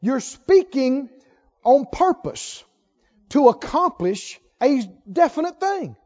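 Male pastor, high voice, animated sermon delivery with call-and-response, lo-fi church recording. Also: takes it slowly.

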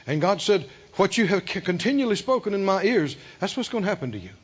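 Man, preaching, very high voice, widely swinging pitch, call-and-response, muffled sermon recording. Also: fast, breathy edge. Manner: animated preaching with call-and-response questions to the congregation; acts out quoted voices with big swings in pitch and loudness. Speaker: pastor.

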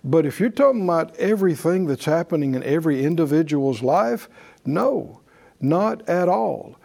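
Mellow-voiced preacher man. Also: fairly high pitch, expressive, moderate pace, gravelly. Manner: conversational, many fillers and restarts; leads call-and-response. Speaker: pastor teaching a faith class. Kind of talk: sermon-style teaching.

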